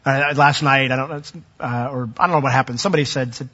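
A man's voice: medium pitch, steady tone, brisk, pushed and bright. A middle-aged man preaching a sermon as pastor, conversational with dry, wry humor. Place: large church sanctuary. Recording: dull lo-fi sound with long hall reverb.

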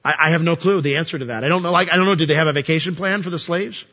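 Rapid-fire delivery, a sharp tone and a slightly high voice mark this pastor's conversational sermon, packed with humorous asides and rhetorical questions. The audio is dull, lo-fi and reverberant, from a hall.

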